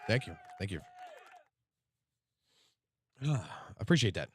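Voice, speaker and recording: A man hosting a live stream, chatting casually and excitably with plenty of profanity, straight to his chat. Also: fairly low pitch, takes it slowly, slightly rough, dry recording, clean studio sound. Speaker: livestream host. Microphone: studio streaming mic.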